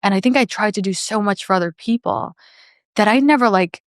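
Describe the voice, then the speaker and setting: A woman's voice: medium pitch, a little fast. A woman talks in candid podcast conversation, earnest and reflective, leaning on "like" as she goes. Her voice sits in a middle register and comes across dry, with no room echo. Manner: earnest and reflective, many "like" fillers. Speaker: podcast guest.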